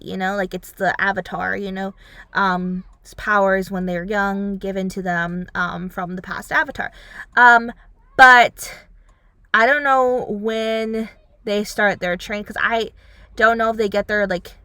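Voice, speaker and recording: A woman's voice: medium pitch, measured pace, clean tone, no echo. A young woman vlogger reviewing a series in a rambling casual chat, full of "like" and "um", acting out lines as she goes. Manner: rambling, heavy on fillers like "like" and "um"; animated, acts out characters' lines.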